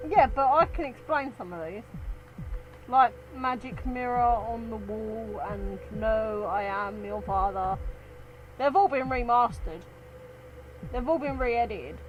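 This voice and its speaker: A woman's voice: a little high, a little slow, highs cut off, slight background noise. A British woman co-hosting a casual chat, blunt and emphatic, swearing freely. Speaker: co-host.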